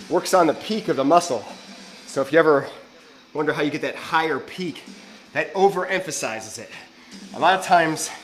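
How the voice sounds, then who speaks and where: A man's voice: on the high side, fairly bright tone, low-quality recording. A man coaching a live gym workout, breathless between sets, explaining technique. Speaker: fitness coach.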